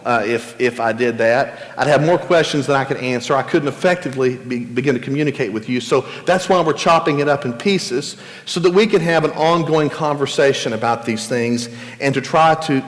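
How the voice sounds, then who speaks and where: Earnest male pastor, mid-pitch, plain conversational church talk with stammered restarts, long hall echo. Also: normal speed. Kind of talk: church teaching session. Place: church sanctuary.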